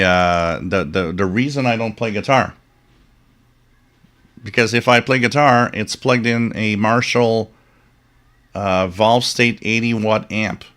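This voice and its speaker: A man's voice: medium pitch, a bit bright. A man hosting a live stream, telling rambling stories with chuckles and fillers and reading out viewer comments. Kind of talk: casual chat.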